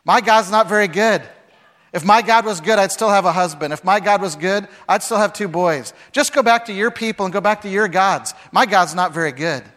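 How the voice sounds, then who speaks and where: A man's voice: fairly quick, a bit bright, in a large hall. A man putting on a bitter sulking widow. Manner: mocking paraphrase, raised pitch. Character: bitter grieving older woman, sulking.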